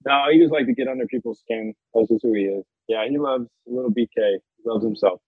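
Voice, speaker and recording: Laid-back guy telling football stories, husky, thin phone-line sound, dry. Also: medium pitch, fast talker, no room sound. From South Florida. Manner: laid-back, storytelling, laughs often. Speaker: guest, NFL punter. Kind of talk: casual interview chat.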